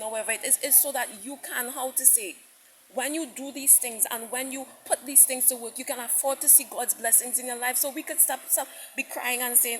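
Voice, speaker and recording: A woman's voice: high voice, steady tone, brisk, fairly bright tone, a little hiss or hum, low-quality recording. A woman preaching a sermon message with passion, repeating herself, stammering into restarts and quoting God at length. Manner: impassioned, repetitive, quotes God at length.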